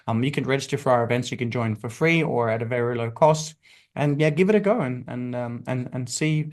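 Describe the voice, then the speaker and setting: A man as a podcast guest, speaking emphatically and telling a parable at a slow, deliberate storytelling pace. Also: mid-range voice. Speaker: guest, spiritual teacher. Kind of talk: podcast interview.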